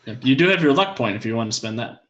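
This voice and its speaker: A man running a tabletop game as game master, narrating in a relaxed, easygoing way. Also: mid-range voice, fast talker, highs cut off.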